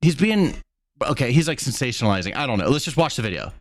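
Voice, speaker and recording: A man's voice: medium pitch, big pitch swings, fast, noisy background. A man hosting political reaction commentary, talking bluntly and mockingly and swearing freely as he reacts to clips. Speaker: commentary host.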